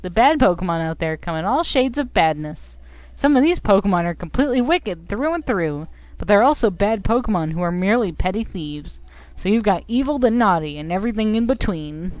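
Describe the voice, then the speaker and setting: A woman's voice: mid-range voice, lively intonation, fairly quick, hardly any pauses, darkish tone, dry recording, natural voice, poor audio. A woman voicing a bossy bird who runs an explorer guild, speaking in an officious, lecturing way.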